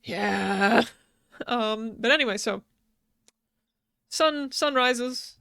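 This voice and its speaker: A woman's voice: fairly high pitch, drawn-out words, creaky, pushed and bright, dry recording, clean studio sound. A woman hosting a podcast, casually recapping a story, laughing often and swearing freely. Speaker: podcast host.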